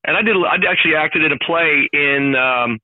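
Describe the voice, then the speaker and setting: A man calls in as a radio guest, talking sports with eager, hyped energy. His voice sits a touch high and comes through a thin, phone-like line. The sound is dry and close, with no room around it. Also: moderate pace, no room sound. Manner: enthusiastic, hyped storytelling. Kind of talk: casual radio chat.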